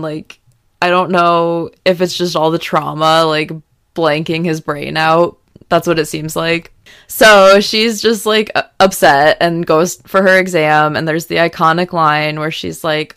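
Young woman podcast host, low voice, chatty and frank, lots of likes, gets loud when excited, smooth and close, dry sound. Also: measured pace, dry recording. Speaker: podcast host recapping a TV series. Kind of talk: casual recap chat.

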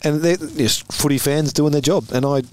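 A man in his forties with an Australian accent, a former footballer telling stories as a guest, animated and often laughing. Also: a little high, moderate pace, a little hiss or hum. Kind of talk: casual storytelling interview.

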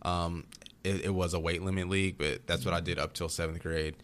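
A young man in casual chat, telling rambling, animated stories about growing up, with frequent restarts. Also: sits low, a little fast, clean tone. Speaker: podcast guest.

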